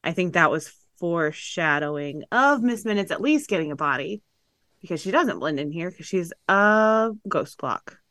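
A woman's voice: lowish voice, expressive, moderate pace, fairly bright tone, dry recording. A woman from Tennessee with a Tennessee accent, co-hosting a podcast in a jokey, self-deprecating way. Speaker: podcast co-host. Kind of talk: casual podcast chat.

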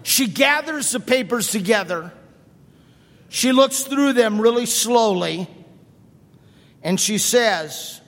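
Middle-aged male pastor, high lively delivery, unhurried, emphatic repetition, large hall reverb. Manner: animated, rhetorical questions, emphatic repetition. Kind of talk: sermon.

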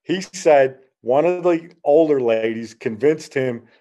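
A podcast host in his sixties chats casually, his warm voice on the high side and his pace slow. He tells long, rambling anecdotes and retells conversations using "he goes."

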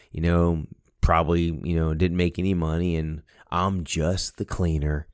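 Middle-aged guy, low voice, animated storytelling, dry close mic. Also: dry recording. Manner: animated storyteller, lively voice shifts. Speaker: speaker, cleaning business owner. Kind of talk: casual storytelling talk.

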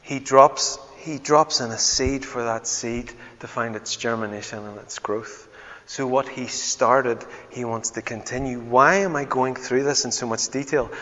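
A man preaching a sermon as pastor, swinging from loud exclamations to hushed, tender words. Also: mid-range voice, steady tone, measured pace. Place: church hall. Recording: dull sound with long church reverb.

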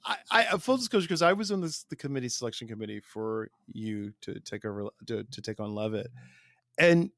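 A man's voice: mid-range voice, sing-song, brisk, fairly bright tone, dry recording, studio quality. A male podcast host with a Midwestern American accent, affirming and emphatic as he talks with his guest. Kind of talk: interview conversation.

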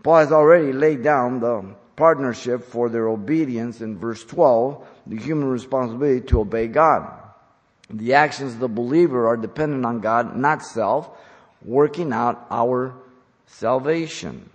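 A man's voice: medium pitch, muffled recording. Pastor guy preaching in a big echoey church, stresses key words, mid voice. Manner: emphatic, deliberate, slows down on key phrases. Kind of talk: expository sermon. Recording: long hall reverb.

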